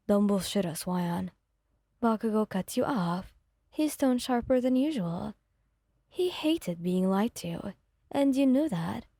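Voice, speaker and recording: Mellow woman narrating ASMR fanfic. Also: on the high side, dry recording, clean studio sound. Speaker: fanfic reader.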